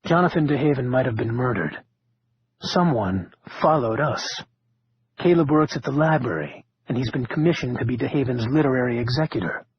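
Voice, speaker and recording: A man voicing a calm, firm group leader who speaks in a measured, warning tone, on a muffled lo-fi recording. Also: medium pitch, husky. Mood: grave.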